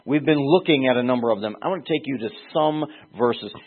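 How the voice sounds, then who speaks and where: A man's voice: mid-range voice, a little fast, husky. A man preaching a sermon, teaching through a Bible passage in a digressive way and rising to emphatic peaks when he quotes scripture. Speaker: pastor. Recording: tinny phone-like recording.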